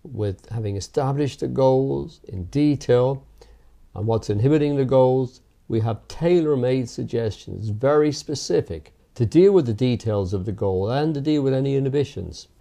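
A man who teaches hypnotherapy, explaining its methods in a measured, emphatic interview. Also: medium pitch, creaky, mellow.

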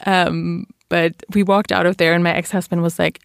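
A woman's voice: on the low side, flat delivery, normal speed, gravelly, no echo. A woman from Germany with a German accent, chatting as a guest and telling stories with fillers and laughs. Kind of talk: casual interview chat.

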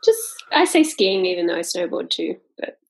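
A woman's voice: fairly low pitch, big pitch swings, normal speed, breathy edge. A woman co-hosting a casual podcast chat, talking freely with many fillers and frequent laughs. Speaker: podcast co-host.

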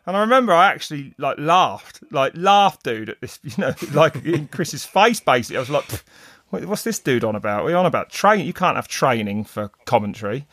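A middle-aged man, a race commentator, telling stories in casual chat, rambling and animated with many restarts. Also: fairly high pitch, brisk, no echo. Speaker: mountain bike race commentator. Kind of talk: casual podcast storytelling.

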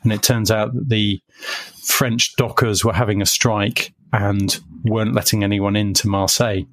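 A man's voice: lowish voice, little pitch movement, moderate pace, no room sound. A man, a guest on a podcast, telling rambling, wry anecdotes in casual conversation. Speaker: guest, magazine editor.

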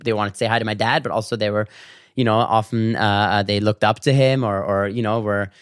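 A man's voice: fairly low pitch, clear, resonant tone, no room sound. Chatty man joking to camera, dry sound. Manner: animated storytelling with quick asides and bursts of laughter. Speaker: vlogger. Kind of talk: casual comedic monologue to camera.

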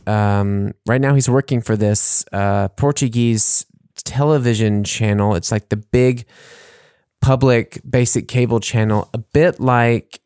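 A man's voice: medium pitch, smooth, dry recording, studio quality. A man co-hosting a podcast in casual chat, rambling and laughing at his own jokes. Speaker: podcast co-host.

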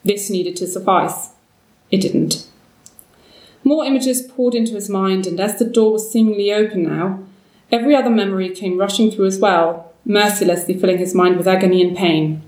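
A woman narrating a story aloud in a measured, steady way. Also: mid-range voice. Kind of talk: storybook reading. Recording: roomy, distant mic.

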